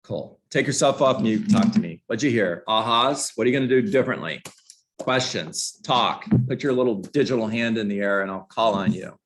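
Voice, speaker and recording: A man's voice: fairly low pitch, moderate pace, slight background noise. A man coaching real estate agents in a live online class, talking energetically and conversationally and putting questions to his students. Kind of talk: live online training session.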